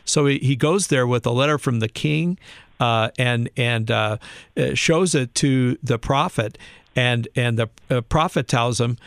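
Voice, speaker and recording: A man hosting a faith radio show, telling stories in a halting way with many fillers. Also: medium pitch, gravelly, no echo.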